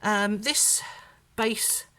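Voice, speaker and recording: A woman's voice: medium pitch, drawn-out words, bright, forceful tone. A middle-aged woman from the south of England, chatting casually in a vlog at home and rambling with plenty of fillers and restarts. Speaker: vlogger.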